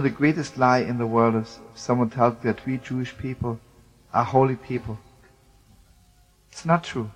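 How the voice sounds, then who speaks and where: A man telling a story with fervent emotion, sometimes dropping to a hush and sometimes singing phrases. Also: medium pitch, steady tone, normal speed, in a large hall, muffled recording, soft background music. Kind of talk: spoken storytelling with sung phrases.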